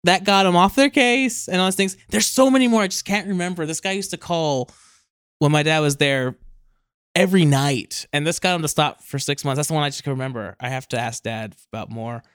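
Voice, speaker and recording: High-voiced, animated storytelling guy. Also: fairly quick, smooth, no room sound, studio quality. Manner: animated storyteller, swears freely, acts out quotes. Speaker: podcast co-host. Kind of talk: casual chat.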